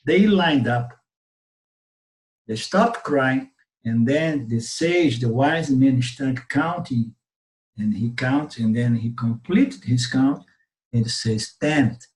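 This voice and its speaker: A man's voice: medium pitch, slow pace, a little mellow. A man whose first language is Portuguese, speaking with a Brazilian Portuguese accent, telling a teaching story in an online class and often checking in with "okay?". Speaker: Vedanta teacher. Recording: roomy webinar audio.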